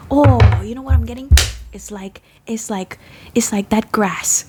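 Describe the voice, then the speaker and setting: A woman's voice: mid-range voice, unhurried, pauses often, dark tone, slight background noise. A woman, a tarot reader chatting loosely to her viewers, laughing often and swearing casually as her thoughts drift. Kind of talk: rambling casual chat to camera.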